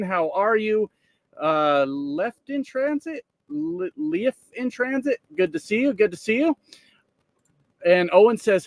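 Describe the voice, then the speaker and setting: Joking, cussing trucker streamer. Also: male voice, fairly high pitch, no echo. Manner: joking, profane, greets chat viewers by name. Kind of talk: casual live stream chat. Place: truck cab.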